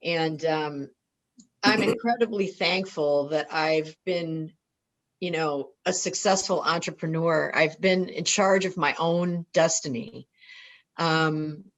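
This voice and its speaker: A woman business owner on a panel, talking reflectively with many small fillers. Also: low-pitched. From Chicago. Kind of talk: panel discussion.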